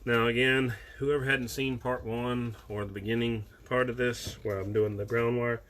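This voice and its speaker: A man's voice: medium pitch, moderate pace. A man with a Southern US accent, casually explaining a wiring project with lots of fillers. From American South. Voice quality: relaxed, rambling with fillers. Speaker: workshop video host. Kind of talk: casual how-to talk. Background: clicks and workshop noise.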